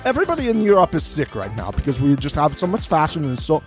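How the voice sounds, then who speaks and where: A man's voice: on the high side, very animated, fast talker, soft background music. A man putting on a fake European accent to play a pompous, chain-smoking male fashion reporter. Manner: fake European accent, drawling, self-important.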